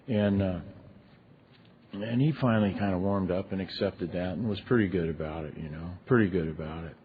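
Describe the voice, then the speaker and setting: A man's voice: deep voice, brisk, slightly rough. A middle-aged man speaking candidly at a recovery meeting, telling a personal story in a conversational way with lots of fillers. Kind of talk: personal story told from a stage. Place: large convention ballroom. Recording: tinny lo-fi recording with long hall reverb.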